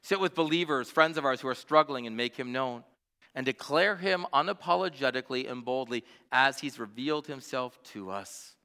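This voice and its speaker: A man in his forties delivers a sermon in a church, his bright voice ringing through a long hall reverb. He talks earnestly, stumbles over fillers and restarts, and shifts between soft reflection and lively storytelling. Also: medium pitch, moderate pace, clean tone. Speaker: pastor.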